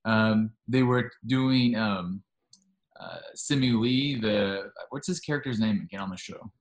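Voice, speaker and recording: A man's voice: lowish voice, unhurried. A man hosting a podcast, talking in a casual, chatty way and eagerly retelling scenes at length. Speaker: podcast host.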